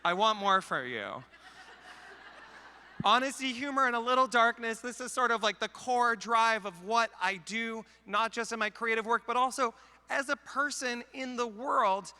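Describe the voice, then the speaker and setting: A man with a high, very bright and crisp voice gives a joking, self-deprecating talk on stage. He speaks into a handheld mic, and the sound carries a long hall reverb. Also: fairly even intonation. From Canada. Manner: wry, self-deprecating, quick jokes. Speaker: conference speaker. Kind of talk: comedic keynote talk. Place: large conference hall.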